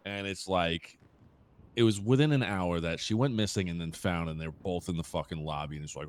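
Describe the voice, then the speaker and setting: A man with a very deep, low voice, chatting in character as a police officer during a roleplay session. He tells his stories bluntly, swearing often. He speaks through a close desk mic. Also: expressive, a little fast. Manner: profane, storytelling, blunt. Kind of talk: casual in-character roleplay chat.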